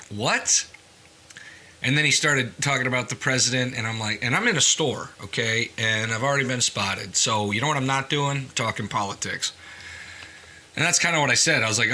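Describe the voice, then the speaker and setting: A man's voice: mid-range voice, normal speed, long pauses, pushed and bright. A young adult man, a farmer hosting his own podcast, telling stories in a chatty way with jokey asides. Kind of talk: casual podcast monologue.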